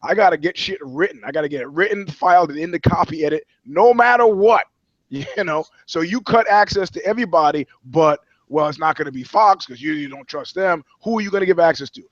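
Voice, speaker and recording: A man's voice: a little high, brisk, no echo, lo-fi sound. A man who works as a journalist, co-hosting a podcast chat and telling stories bluntly and with plenty of swearing. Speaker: journalist and co-host.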